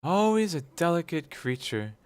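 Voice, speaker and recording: A man voicing a gentle male spirit who speaks softly and calmly. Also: a little high, moderate pace, clear, resonant tone, no room sound, pitched above the performer's own voice.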